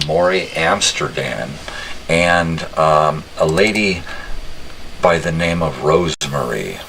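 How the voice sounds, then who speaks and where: An older man hosting a casual live-streamed nostalgia show from his home studio. He talks in a halting way, with many uh's and restarts. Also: rumbling low, noisy background.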